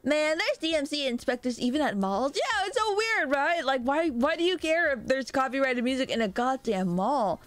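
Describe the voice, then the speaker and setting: A young woman from Mexico streaming and chatting loosely with viewers, loud and rambling, often laughing at herself. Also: high-pitched, animated, no room sound. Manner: loud, rambling, self-mocking, quick laughs. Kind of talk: casual live-stream chat with viewers.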